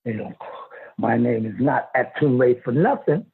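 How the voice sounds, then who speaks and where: A man musing and half-singing in a slow, rambling spoken monologue about love and meaning, with sudden leaps into a high voice. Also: animated, gravelly, slightly rough. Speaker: self-styled spiritual teacher. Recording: phone-quality lo-fi audio.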